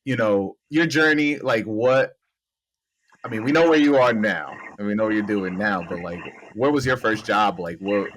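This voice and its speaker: A man from New York with a New York accent, hosting a podcast and asking relaxed, rambling questions. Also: lowish voice, normal speed, a little hiss or hum, low-quality recording. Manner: easygoing, laughs often, asks rambling questions. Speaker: podcast host. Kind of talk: casual interview chat.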